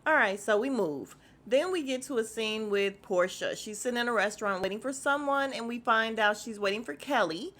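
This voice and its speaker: A woman hosting a casual podcast, recapping a reality show in a sassy, animated way and acting out quotes in exaggerated voices. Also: fairly high pitch, moderate pace, few pauses, a little hiss or hum.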